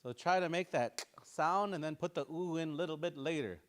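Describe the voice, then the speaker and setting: A man leads a language lesson with a somewhat high voice. He explains slowly and repeats each sound aloud so the class can practice. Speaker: language teacher.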